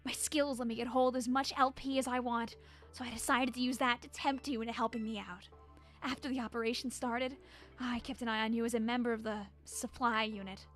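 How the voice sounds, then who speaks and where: A shy young woman who secretly founded a gang, speaking softly and earnestly, as a woman reads her game lines aloud. Her voice sits high and bright, and she keeps it subdued and solemn.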